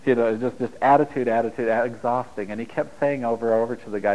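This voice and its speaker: Before a live audience in a room, a middle-aged man with an ordinary mid-pitched voice gives an informal spiritual talk at a quick pace, and the recording is muffled. Loose and rambling, he jokes, chuckles at his own lines, and wanders between stories and points like an easygoing spiritual teacher.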